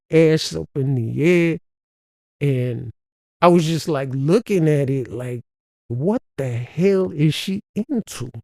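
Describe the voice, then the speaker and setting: A man's voice: on the high side, creaky, warm tone, no room sound, studio quality. A man from Compton, hosting a podcast and telling a profane, streetwise story with frequent laughs. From Compton, Los Angeles. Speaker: podcast host. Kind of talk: casual storytelling.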